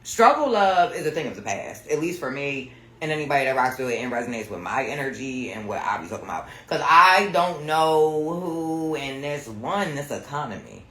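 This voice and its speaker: A woman's voice: low voice, fairly bright tone. A woman tarot reader chatting casually on a live stream at home, blunt and profane. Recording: roomy echo.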